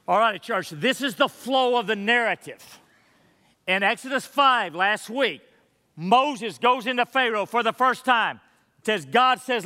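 Bright high-voiced preacher in echoing hall. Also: male voice, animated. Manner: earnest, emphatic, slowing on key words. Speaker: pastor. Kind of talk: sermon. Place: church sanctuary. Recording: long hall reverb.

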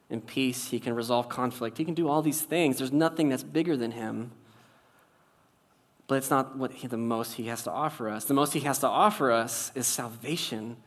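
A man preaching a conversational sermon, wry and casual, shifting between loud and soft for emphasis. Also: medium pitch. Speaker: pastor.

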